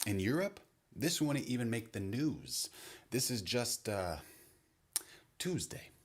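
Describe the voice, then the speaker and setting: A man voicing a calm, judgmental European who is unimpressed by everything. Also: medium pitch, slow pace, pitched above the performer's own voice. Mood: dryly unimpressed. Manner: deadpan, unimpressed.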